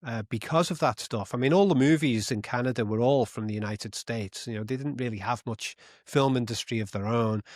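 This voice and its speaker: A man's voice: medium pitch, no room sound, clean studio sound. Reflective British man in his fifties. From Britain. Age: 50s. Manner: reflective, thinks aloud. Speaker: podcast guest. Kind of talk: casual conversation.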